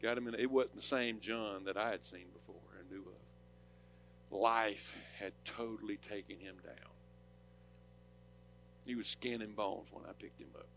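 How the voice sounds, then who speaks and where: A man's voice: on the low side, fairly even intonation, measured pace, creaky, long pauses, slight background noise. Impassioned Southern preacher man. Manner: impassioned, swings from loud preaching to soft storytelling. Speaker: pastor. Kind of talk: sermon.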